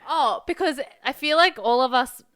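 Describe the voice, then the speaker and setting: A woman's voice: high-pitched, normal speed, a bit bright, dry recording, studio quality. A young adult woman co-hosting a podcast in casual chat, blunt, sweary and playful. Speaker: podcast co-host.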